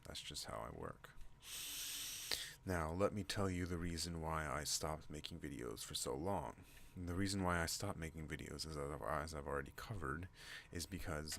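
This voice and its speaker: A man hosting an ASMR channel, talking in a slow rambling way and drifting off on tangents. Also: gravelly, a little hiss or hum. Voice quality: deep relaxed voice. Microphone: non-binaural desk microphone.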